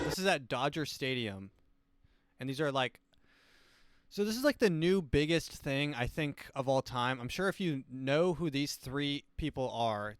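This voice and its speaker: A man hosting a comedy podcast, rambling casually with lots of fillers and deadpan asides. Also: fairly high pitch, smooth, no room sound, clean studio sound. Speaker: podcast host.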